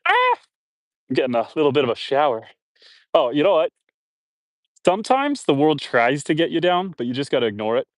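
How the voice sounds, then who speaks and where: This man's voice is a little high, fairly quick, and full of big pitch swings as he chats live while watering trees on his homestead. He rambles to both viewers and animals. The sound is dry and studio-clean.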